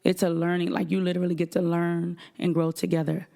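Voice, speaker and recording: A woman in her forties hosts a candid faith-based advice talk. She sits low in her range, with a gravelly fry running through her voice. She speaks frankly and confides in her listeners, calling them "y'all.". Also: flat delivery, a little fast, warm tone. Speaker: podcast host.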